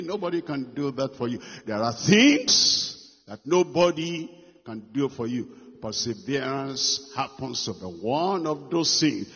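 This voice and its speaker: Emphatic preacher man, husky, slow. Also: mid-range voice, animated. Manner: emphatic, repeats phrases for effect, swings between loud and hushed. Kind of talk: sermon. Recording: muffled long hall reverb.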